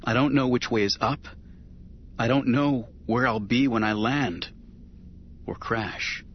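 A man voicing a troubled young male Jedi knight, speaking in a soft, strained, halting way. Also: mid-range voice, steady tone, dull audio, slight background noise, lightly acted.

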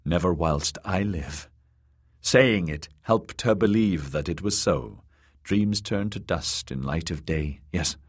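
A man narrating an audiobook in a measured, dramatic reading. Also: deep voice, expressive, breathy edge.

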